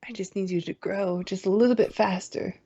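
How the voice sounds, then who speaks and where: A woman's voice: medium pitch, steady tone, brisk, mellow, slightly rough. A woman co-hosting a casual film discussion, enthusiastic and teasing. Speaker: co-host. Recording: dull lo-fi sound.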